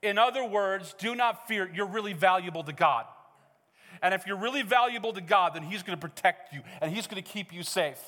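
A man's voice: high voice, expressive, fairly quick, fairly bright tone. A middle-aged man preaching a sermon as pastor, conversational and joking with the congregation. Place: church hall. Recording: reverberant church hall.

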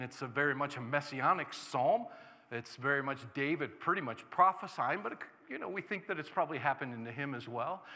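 In an echoey church sanctuary, a pastor delivers his sermon in a bright, high male voice. His delivery swings from soft, talky instruction to loud outbursts, with long reverb hanging after every phrase.

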